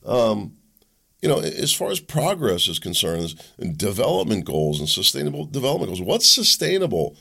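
Male talk show host, gravelly and lively in pitch, opinionated and sarcastic rambler. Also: normal speed.

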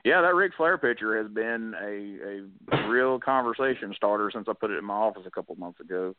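On a wrestling podcast, a co-host tells a story in a relaxed, chatty way, putting on voices to quote the other people in it. His voice sits on the low side, expressive and a little quick. The recording sounds thin and phone-like, totally dry with no echo.

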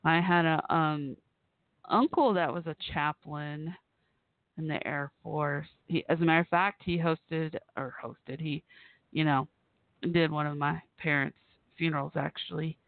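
A man's voice: fairly high pitch, fairly even intonation, measured pace, gravelly, no echo. A man hosting an online radio show, chatting with listeners in a gushing, rambling, emotional way. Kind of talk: casual chat with listeners. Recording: dry, tinny phone-like sound.

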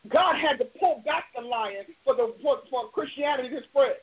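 A woman's voice: high-pitched, normal speed. A woman preacher and show host giving a live broadcast sermon, fervent and emphatic, driving her points home with repeated declarations. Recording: tinny phone-like audio.

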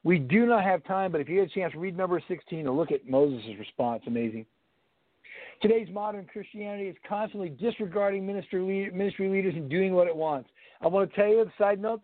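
A man's voice: high-pitched, no room sound. A man giving a Bible study lecture as instructor, emphatic, blunt and preachy. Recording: tinny phone-like, dry sound.

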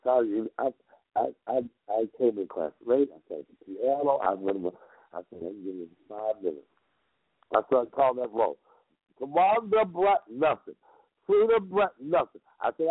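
A man's voice: animated, moderate pace, slightly rough, no room sound. A man who is a guest vocal coach, telling a long story on a radio show in an emphatic, repetitive way, heard through a phone line. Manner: emphatic, repeats himself, jumps between pitch levels.

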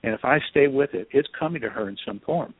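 A man, an author guest in an interview, telling a story in an animated, self-deprecating way over a phone line. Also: medium pitch, fast talker, breathy edge, dry recording. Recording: tinny dry phone line.

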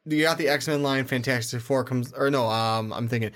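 Man, young, casual co-host, rambling, mid-pitched voice. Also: normal speed, a bit bright. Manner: rambling, restarts thoughts. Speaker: podcast co-host. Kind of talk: casual chat.

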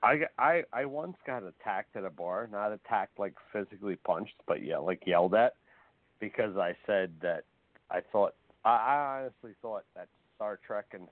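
A man's voice: lowish voice, expressive, moderate pace, dry recording. A man chatting bluntly and rambling on a call-in radio show, heard over a phone-line connection. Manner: blunt, rambling, repeats himself. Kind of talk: casual chat.

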